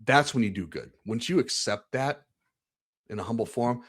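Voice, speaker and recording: A man's voice: medium pitch, expressive, moderate pace, husky. A man talking earnestly about his faith in an interview, often restarting and repeating words as he searches for them. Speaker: podcast host being interviewed. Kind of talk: candid personal conversation about faith.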